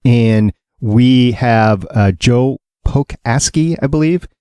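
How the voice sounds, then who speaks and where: A man's voice: mid-range voice, slow pace, mellow, smooth, no echo, clean studio sound. A man hosting a podcast, upbeat and rambling, laughing easily as he chats. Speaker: podcast host. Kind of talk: casual podcast chat.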